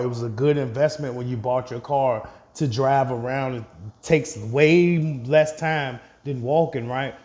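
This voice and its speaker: Male vlogger, relaxed and chatty, mid-range voice, speaks to the audience like friends. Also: mid-range voice. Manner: chatty, addresses viewers directly, laughs at own slips. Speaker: investing vlogger. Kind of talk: casual portfolio update.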